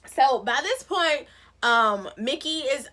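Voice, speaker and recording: A woman recapping a TV episode with sassy, animated commentary. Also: sits high, slow pace. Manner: sassy, expressive storytelling with playful asides. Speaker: recap vlogger.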